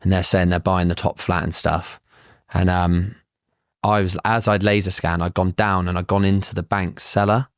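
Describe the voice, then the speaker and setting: A fairly low-pitched man spins lively, swear-filled stories from his surveying work. He talks in a relaxed, casual podcast style. His voice sounds close and dry, with no room sound. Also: normal speed, no room sound. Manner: blunt, swears freely, lively anecdotes. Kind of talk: casual podcast chat, storytelling.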